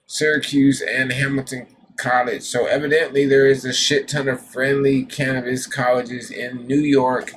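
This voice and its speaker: A man's voice: mid-range voice, flat delivery, normal speed, fairly bright tone, a little hiss or hum, rough recording. A man casually hosting a cannabis news stream, rambling, swearing freely and reading lists aloud with loose side comments. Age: adult with a daughter. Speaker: host of a cannabis news show. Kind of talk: casual live-stream chat.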